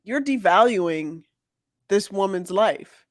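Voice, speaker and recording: A woman co-hosting a podcast in casual chat, talking slowly and haltingly with many restarts. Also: medium pitch, lively intonation, dry recording, clean studio sound. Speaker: podcast co-host.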